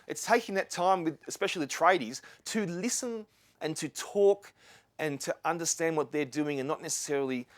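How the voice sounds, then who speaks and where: A middle-aged Australian man speaks to a live audience in an earnest, rambling way, often restarting and wandering into asides. His voice sits a little high for a man, and the sound is dry and close. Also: normal speed, no echo. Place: lecture venue with live audience.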